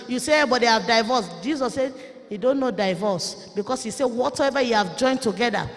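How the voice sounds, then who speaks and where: A woman preacher with a Nigerian accent, delivering a fiery sermon, forceful and often shouting as she rebukes her listeners. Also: on the high side. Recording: echoey hall reverb.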